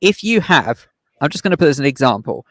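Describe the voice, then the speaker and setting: A man's voice: a little high, big pitch swings, a little fast, dry recording. Rambling male radio co-host. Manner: rambling, laughs at himself. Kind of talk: casual radio banter.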